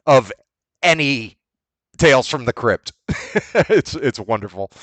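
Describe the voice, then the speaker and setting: A man's voice: medium pitch, animated, fairly bright tone, dry recording. Male podcast co-host, rambling retellings, dry booth sound. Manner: rambling storyteller, retells scenes with quick impressions. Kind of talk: casual chat.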